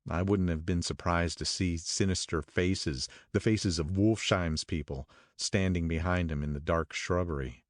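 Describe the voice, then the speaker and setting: A man narrating an audiobook in a measured, steady first-person reading. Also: deep voice, no echo, clean studio sound.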